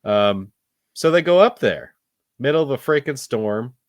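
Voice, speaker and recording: A man's voice: mid-range voice, expressive, measured pace, no room sound, studio quality. A man co-hosting a casual film review podcast, rambling with lots of fillers and restarts. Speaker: podcast co-host.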